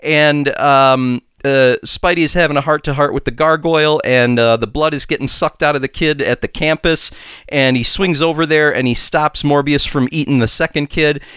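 Man with a smooth, dry voice. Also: a little high, fairly even intonation, fairly bright tone, dry recording. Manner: halting, many restarts and fillers while racing the clock. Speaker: podcast co-host. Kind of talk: casual chat and rushed plot recap.

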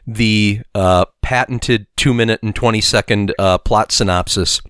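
A man's voice: on the low side, steady tone, measured pace, fairly bright tone, clean tone, dry recording, studio quality. A young man co-hosting a podcast, chatting casually and rambling with many fillers and restarts. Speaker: podcast co-host.

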